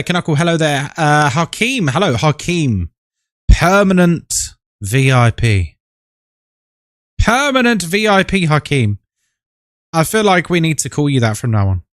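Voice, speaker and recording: A man's voice: a little high, a bit bright, no room sound, studio quality. A man hosting a live stream, greeting his viewers by name in a chatty, playful, affectionate way.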